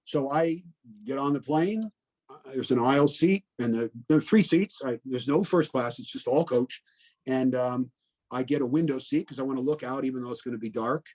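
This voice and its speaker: A man's voice: mid-range voice, moderate pace, darkish tone. Blunt older man telling his story. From Connecticut, USA. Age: 70s. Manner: plainspoken, blunt, reflective, with many "um"s and "you know"s; tells the story in the present tense. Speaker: veteran interviewee. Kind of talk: oral history storytelling.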